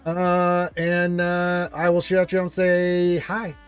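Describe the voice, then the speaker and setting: A man hosts a laid-back gaming live stream, his voice pitched a little above the usual for a man. He chats loosely and reads viewers' greetings aloud. Quiet music runs faintly behind him. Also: completely flat delivery, slow, clear, resonant tone. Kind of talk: casual live stream chat.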